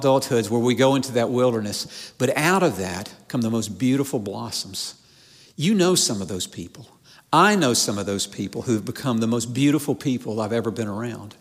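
A man's voice: medium pitch, fairly bright tone. Earnest male preacher in a reverberant hall. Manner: earnest preaching with repeated phrases and restarts. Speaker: pastor. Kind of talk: sermon. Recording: long reverb of a large hall.

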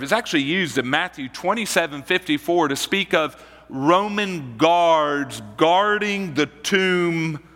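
A man preaching a sermon as pastor, slow and deliberate, repeating key phrases for emphasis. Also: high-pitched, pushed and bright, long reverb tail.

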